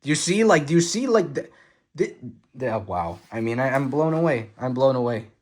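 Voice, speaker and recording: Young guy vlogger, mid pitch, fast fan commentary with swearing and fillers. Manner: excitable, swears casually, many fillers and restarts. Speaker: vlogger reviewing a film photo book. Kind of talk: casual enthusiastic commentary. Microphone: phone.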